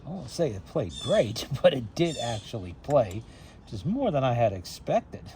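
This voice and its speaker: A man's voice: mid-range voice, big pitch swings, moderate pace, noisy background. A man collector casually chatting through a phonograph demonstration, chuckling as he goes. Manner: chatty, chuckles at his own remarks.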